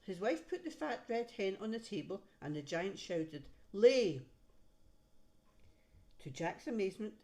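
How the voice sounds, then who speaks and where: A woman reading a storybook aloud to a child, pausing to point out the pictures. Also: medium pitch, very animated, a little mellow. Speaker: reader to a child.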